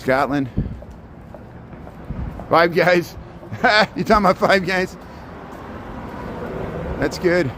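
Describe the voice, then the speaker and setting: A man's voice: sits high, animated, drawn-out words, long pauses. A man hosting a rambling livestream walk down a city street, chatting with viewers as he goes. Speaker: livestream walking tour host. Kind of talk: casual livestream chat while walking. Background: faint street and traffic noise.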